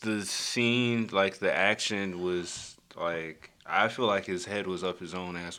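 A man's voice: sits low, fairly even intonation, measured pace, hardly any pauses, sharp tone. A man co-hosting a podcast, giving blunt, opinionated takes in casual, profane chat. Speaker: podcast co-host.

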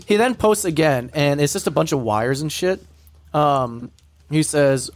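A man's voice: a little high, unhurried. A man co-hosting a podcast, telling a story in a rambling way with lots of fillers. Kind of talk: casual chat.

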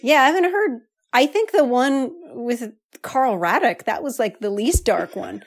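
A woman's voice: fairly high pitch, lively intonation, measured pace. A woman in a casual chat, chatty and loose with her words. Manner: chatty, uses "like" a lot.

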